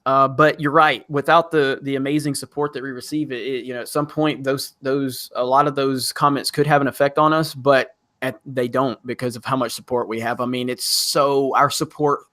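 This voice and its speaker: A man's voice: medium pitch, fairly even intonation, normal speed, hardly any pauses, fairly bright tone, no room sound. A man hosting a casual livestream chat, reading viewer comments in a rambling way with frequent restarts. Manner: rambling, restarts often, laughs now and then. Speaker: livestream host.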